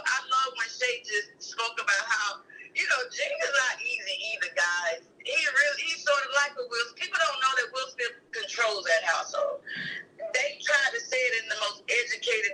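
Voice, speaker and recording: A woman's voice: a little high, pushed and bright, recorded from a distance, a little hiss or hum, low-quality recording. A woman calling in by phone to a talk show, speaking emphatically and animatedly as her opinions pour out. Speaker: caller. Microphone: phone line.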